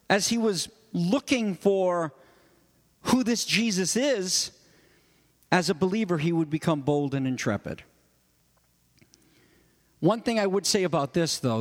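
High-voiced male preacher in reverb. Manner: expository preaching, swinging between raised emphasis and low quiet asides. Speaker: pastor. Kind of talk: sermon.

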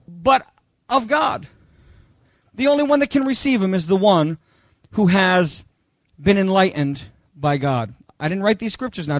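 Male preacher, high and emphatic, punchy proclaiming with fast asides, dry close sound. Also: dry recording. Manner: emphatic, quizzes the congregation with "what?"; swings between loud proclaiming and quick asides. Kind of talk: sermon.

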